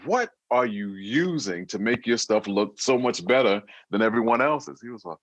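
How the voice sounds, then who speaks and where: A man's voice: lowish voice, lively intonation, normal speed, hardly any pauses, no echo. A man who is a guest in a casual interview, joking, telling stories, imitating voices and laughing often. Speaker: guest singer.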